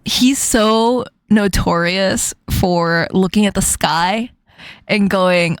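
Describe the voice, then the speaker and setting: A woman's voice: medium pitch, slow pace, clear, resonant tone, dry recording, clean studio sound. A woman commentating on clips in a casual reaction stream, giggling often between remarks.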